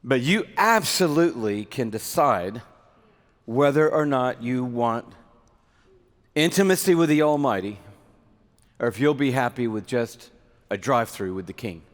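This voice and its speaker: A man's voice: medium pitch, expressive, a little slow, long pauses. Earnest male preacher in a reverberant hall. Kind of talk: sermon.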